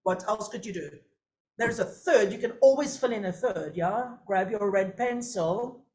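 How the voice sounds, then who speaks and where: A woman coaching singers in a masterclass, lively and chatty with quick asides to her students. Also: medium pitch, music in the background. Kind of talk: masterclass teaching.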